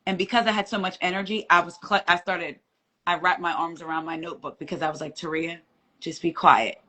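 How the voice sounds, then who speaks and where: Animated woman retelling a court hearing. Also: fairly low pitch, quick pace. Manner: animated retelling, acting out quoted voices. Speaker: guest courtroom reporter. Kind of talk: casual storytelling on a live stream.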